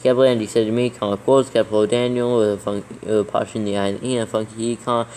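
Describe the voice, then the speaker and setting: Flat-voiced man dictating text slowly. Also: fairly low pitch, a little hiss or hum, poor audio. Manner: slow deliberate dictation. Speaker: proofreader dictating scripture. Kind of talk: reading text aloud with punctuation dictated.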